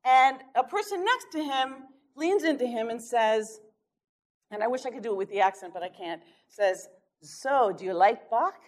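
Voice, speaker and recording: Woman presenter, a touch high-pitched, spins an anecdote in a lively way to illustrate her talk. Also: normal speed. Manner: lively anecdotal storytelling with chuckles. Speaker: workshop speaker. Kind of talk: storytelling lecture.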